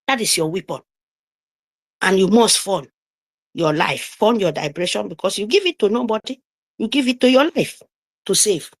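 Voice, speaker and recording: A woman's voice: mid-range voice, expressive, normal speed, pauses often. A woman with a Nigerian accent giving an impassioned, scolding political speech over an online call, repeating phrases for emphasis. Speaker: speaker on an online group call. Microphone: remote call microphone.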